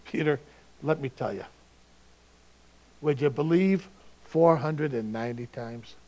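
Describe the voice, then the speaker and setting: A male preacher voicing a patient, gently chuckling teacher who speaks softly and casually. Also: on the high side, very animated, measured pace. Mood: gentle. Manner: soft, warm and casual.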